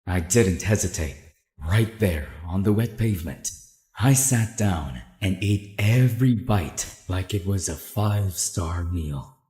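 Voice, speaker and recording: An actor playing a blunt, sarcastic young man in an animated story, teasing dryly and turning quietly reflective when he speaks of his past. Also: sits low, a little slow, slightly rough, full character voice.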